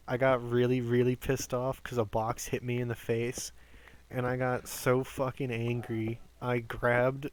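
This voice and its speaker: A man in his twenties telling rambling work stories on a game stream, animated, swearing often and stumbling over restarts. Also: mid-range voice, clean tone. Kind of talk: casual storytelling while gaming.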